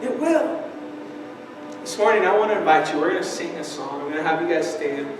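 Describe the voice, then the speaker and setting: A man's voice: fairly high pitch, racing, over music. A man preaching a sermon as pastor, telling a family story in an earnest way and building to emphatic appeals. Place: church sanctuary. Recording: echoey church hall, mic at a distance.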